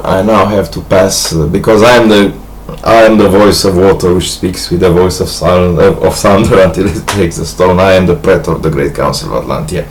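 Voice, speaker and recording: Halting, grandiose man. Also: low voice, a little hiss or hum, low-quality recording. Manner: hesitant, halting, many restarts and fillers; grandiose, earnest monologue. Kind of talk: rambling personal video message.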